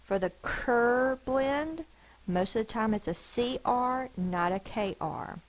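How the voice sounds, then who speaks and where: Woman teacher, phonics lesson, very slow, gravelly, sounds out each syllable. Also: on the high side, lively intonation, low-quality recording. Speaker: elementary school teacher.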